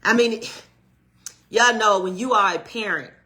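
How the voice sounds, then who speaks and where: Chatty preacherly woman with a bright voice. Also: medium pitch, measured pace. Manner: warm, chatty, greets viewers, preacherly. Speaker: channel co-host and minister. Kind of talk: casual livestream talk.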